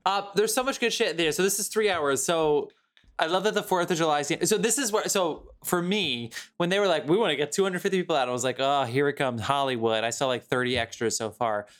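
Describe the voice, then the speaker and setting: A man co-hosting a laid-back movie podcast, talking with lively, profane energy. His voice sits a little high, and he jumps into quick impressions of characters as he goes. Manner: animated, swears freely, acts out quotes. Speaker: podcast co-host. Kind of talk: casual movie review chat.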